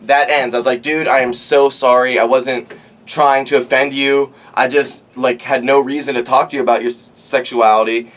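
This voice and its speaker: A man's voice: medium pitch, moderate pace. A young man hosting a casual storytelling monologue outdoors, rambling and profane, full of "like" and acted-out quotes. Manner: rambling, profane, animated, lots of "like". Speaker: podcast host.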